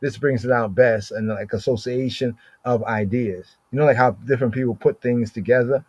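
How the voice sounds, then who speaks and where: A man's voice: mid-range voice, fairly even intonation, moderate pace, a little mellow, breathy edge, dry recording. A man teaching scripture verse by verse, repeating Hebrew words again and again and often asking "right?". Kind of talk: slow verse-by-verse scripture study. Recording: slightly dull lo-fi recording.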